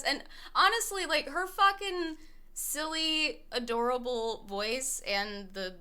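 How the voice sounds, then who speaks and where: A woman's voice: a little high, pushed and bright, clear, resonant tone. A young woman streaming a video game, rambling casually with many fillers, swearing and laughing. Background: faint music playlist.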